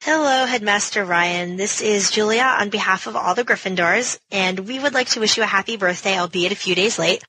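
A woman's voice: medium pitch, a little fast, hardly any pauses, pushed and bright, slight background noise, rough recording. A woman recording a friendly birthday message on behalf of her group.

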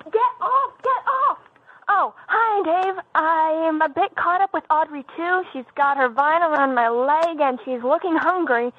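A man's voice: unhurried, narrow, tinny audio. A man voicing a panicked person caught by a hungry plant, leaving a frantic voicemail. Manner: frantic, high-pitched.

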